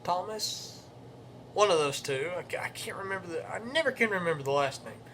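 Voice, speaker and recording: A man's voice: high-pitched, lively intonation, fairly quick, fairly bright tone, a little hiss or hum. A young man hosting his own show, talking in a rambling, self-correcting way and reading verse aloud. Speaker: show host. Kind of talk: casual monologue with poetry recitation.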